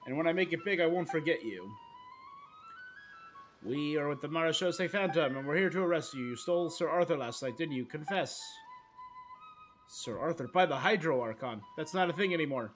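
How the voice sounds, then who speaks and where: A man's voice: on the high side, expressive, brisk, fairly bright tone. A young man streaming a game, reading its dialogue aloud and putting on character voices, with playful asides. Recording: game music faintly behind.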